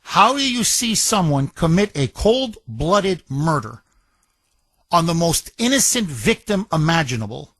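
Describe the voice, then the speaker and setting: Impassioned high-voiced male radio host. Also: big pitch swings, a little slow, a bit bright, no echo. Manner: impassioned, emphatic, repeats phrases for effect. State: recovering from broken ribs. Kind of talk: talk radio monologue.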